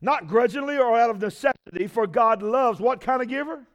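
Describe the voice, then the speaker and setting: Male pastor, very high voice, call-and-response sermon delivery that swells into shouting. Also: brisk.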